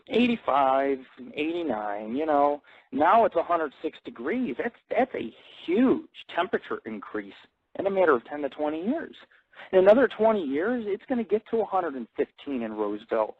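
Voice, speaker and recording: A man's voice: a little high, no room sound, narrow, tinny audio. A man hosting an internet radio show, rambling bluntly and swearing constantly in a casual monologue. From grew up in an Italian-American family.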